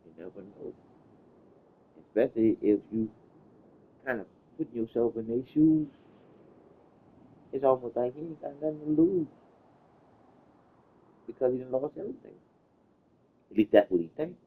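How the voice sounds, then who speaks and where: A man's voice: medium pitch, expressive, moderate pace, long pauses, breathy edge. A man chatting casually, telling stories in a loose, slangy way, with plenty of cursing. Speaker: host. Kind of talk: casual chat. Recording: tinny phone-like sound.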